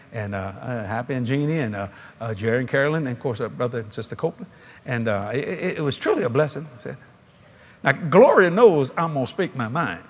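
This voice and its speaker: A middle-aged man, preaching a sermon in a folksy storytelling way at a large convention. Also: medium pitch. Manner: folksy, animated storytelling with laughter.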